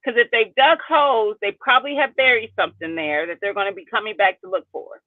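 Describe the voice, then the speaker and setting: A woman's voice: mid-range voice, fast, no room sound. Tinny-sounding woman on a call line. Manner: frank, emphatic, laughs easily. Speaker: co-host of a gardening live stream. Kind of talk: casual chat. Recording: dry, tinny phone-like call audio.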